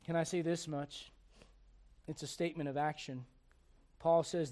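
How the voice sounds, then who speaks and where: Young male pastor, high voice, dynamic preaching with humorous asides. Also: steady tone, moderate pace. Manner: dynamic preaching, swinging from quiet asides to loud exhortation; humorous, acts out quoted voices. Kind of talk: sermon.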